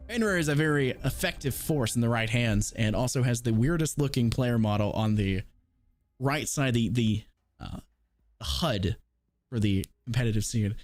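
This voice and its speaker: A man from the American South casting an esports match play by play, quick and teasing with his co-caster. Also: mid-range voice, darkish tone, no echo, faint music behind. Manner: quick and teasing, joking between plays. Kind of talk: play-by-play commentary.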